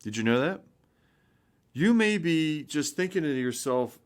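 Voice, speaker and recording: A man's voice: a little high, big pitch swings, a little slow, pauses often, smooth. A man in his fifties, a pastor giving an informal spoken sermon, earnest and rambling, with frequent restarts and rising emphasis. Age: 50s.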